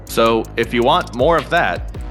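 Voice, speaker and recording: A man's voice: mid-range voice, expressive, a little slow, a bit bright. A man introducing his podcast in an upbeat scripted promo. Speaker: podcast host in an ad. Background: music.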